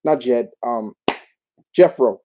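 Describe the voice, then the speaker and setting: A man from New York hosting a casual live Q&A, talking in a rambling, animated way with many restarts. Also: mid-range voice, takes it slowly, slight background noise, rough recording. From New York, United States. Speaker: YouTube show host.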